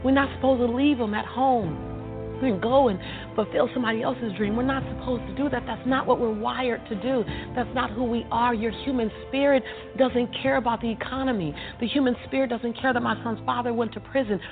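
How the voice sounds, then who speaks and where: A woman speaks as a motivational storyteller and builds her points through emphatic repetition, like a preacher. Her voice is gravelly and sits at a middle pitch. The audio is thin and phone-like, with soft music underneath. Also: steady tone, fairly quick. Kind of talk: personal storytelling in conversation.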